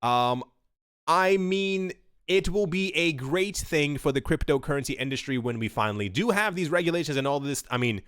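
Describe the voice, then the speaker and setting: Man, higher-pitched voice, casual opinionated commentary, rambling with fillers, dry close sound. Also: animated, normal speed, fairly bright tone, smooth, dry recording. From United States. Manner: conversational, opinionated, many fillers and restarts. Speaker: crypto video host.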